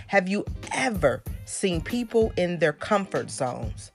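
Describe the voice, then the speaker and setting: A woman's voice: fairly low pitch, big pitch swings, slow pace, vocal fry, hardly any pauses, faint music behind. A woman minister hosting a devotional podcast, telling a fable and preaching in a storytelling manner.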